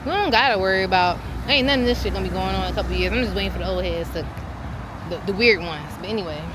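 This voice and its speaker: A woman in her twenties telling a casual storytime vlog in a slangy, animated, exasperated way. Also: medium pitch, very fast. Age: 20s. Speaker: vlogger. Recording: loud outdoor street noise.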